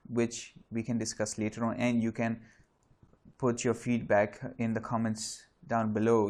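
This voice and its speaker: A man with a lowish voice teaches an English grammar lesson online. He explains each point step by step, pausing with fillers and restarting his sentences as he goes. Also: a little mellow.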